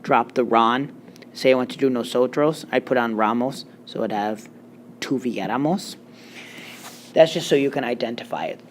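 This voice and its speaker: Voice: mid-range voice, normal speed, a little hiss or hum. A Spanish teacher giving a recorded grammar lecture, explaining step by step with joking asides.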